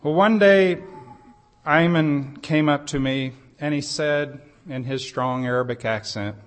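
An American man preaches a sermon built around a personal story, told earnestly with emphatic rises on key phrases. His voice is on the high side and he takes an unhurried pace.

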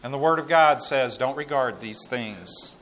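A man preaching a sermon and reading scripture aloud, slow and emphatic, with quiet asides. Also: mid-range voice.

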